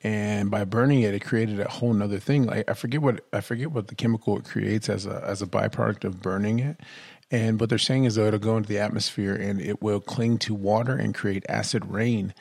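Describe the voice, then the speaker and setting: A man's voice: lowish voice, steady tone, brisk, gravelly, a little mellow, no room sound, studio quality. A man co-hosting a casual podcast, playful and jokey, spinning out long descriptions. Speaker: podcast co-host.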